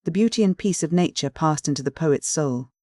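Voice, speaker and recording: An audiobook narrator at a middling pitch, reading Victorian prose in a steady, measured manner. The sound is close and dry, recorded on a studio mic. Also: no echo. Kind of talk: scripted narration of a Victorian story.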